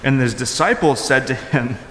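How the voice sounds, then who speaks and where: A male pastor giving a conversational sermon. He talks informally with fillers and restarts, and swings from loud, high emphasis to soft, low asides. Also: moderate pace, a little hiss or hum. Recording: echoey hall with long reverb.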